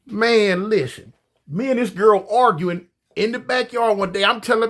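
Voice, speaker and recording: A man telling a story casually, animated and profane, often stammering and repeating himself. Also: sits high, moderate pace.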